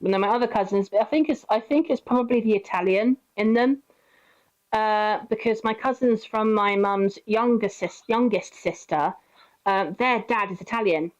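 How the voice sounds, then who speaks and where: A woman's voice: medium pitch, moderate pace, dull audio. Chatty, swearing young woman. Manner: chatty, swears freely, laughs often. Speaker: streamer. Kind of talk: casual storytelling while gaming.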